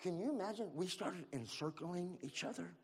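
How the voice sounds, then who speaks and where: A male pastor from Central California preaching a sermon, calling out to the room and repeating his lines as he builds to shouts. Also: high voice, animated, normal speed. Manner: calls to the room and repeats himself.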